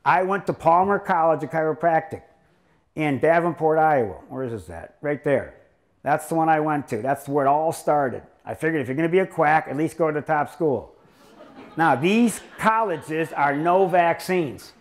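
A man's voice: fairly high pitch, animated, normal speed. An older man lecturing as a chiropractor, telling rambling stories in a sarcastic, joking way. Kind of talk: humorous lecture storytelling.

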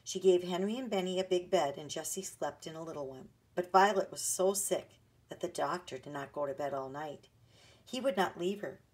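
A woman narrating a children's chapter book aloud in an expressive storytelling manner. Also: on the low side, moderate pace, husky.

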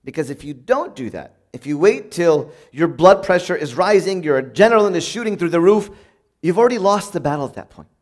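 High-voiced man preaching a sermon. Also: expressive, brisk. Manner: conversational, acts out everyday moments in a bright upbeat voice.

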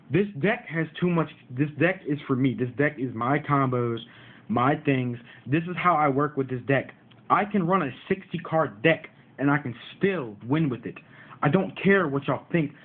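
A man's voice: medium pitch, husky. A man rants to his viewers about rude comments on his card game videos, repeating himself and mocking commenters. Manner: frustrated, repetitive, mocks commenters. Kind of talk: ranting vlog to viewers. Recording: tinny phone-like audio.

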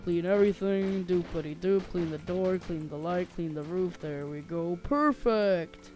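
A man's voice: high-pitched, measured pace, a little mellow. A young man voicing a chatty, hapless male robot bear janitor in a game role-play, muttering to himself as he works. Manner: mutters to himself while working.

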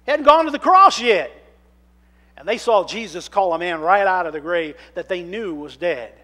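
Preacher, man, high voice, swings from hushed reading to loud storytelling. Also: moderate pace. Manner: dramatic shifts between hushed scripture reading and loud animated storytelling. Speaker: minister. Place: church sanctuary.

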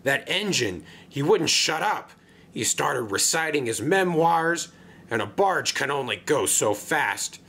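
Guy doing a grumpy barge, short-tempered, a bit low. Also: sing-song, a little slow, sharp tone, heavily acted. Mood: panicked. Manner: gruff, impatient, stammering when cornered. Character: grumpy put-upon male barge.

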